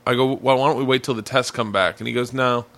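A man's voice: medium pitch, fast talker. A man hosting a casual podcast chat in a man cave, telling stories and acting out the other people in them. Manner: animated storyteller acting out quotes. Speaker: podcast host. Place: home basement man cave.

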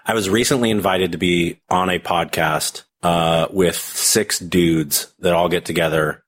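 Man, very low and husky, blunt podcast guest who swears and restarts a lot. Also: fairly even intonation, fairly bright tone. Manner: blunt, profane, halting restarts. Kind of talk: casual podcast talk.

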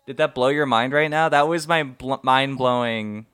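A man's voice: mid-range voice, normal speed, a bit bright, smooth. Chatty man sharing movie trivia. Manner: chatty trivia-sharing storyteller, laughs often. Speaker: podcast co-host. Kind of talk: casual chat.

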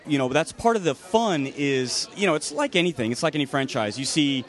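A man's voice: on the high side, animated, fairly quick. Eager, rambling filmmaker man. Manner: eager, rambling, many fillers. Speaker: fan filmmaker guest. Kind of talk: casual interview.

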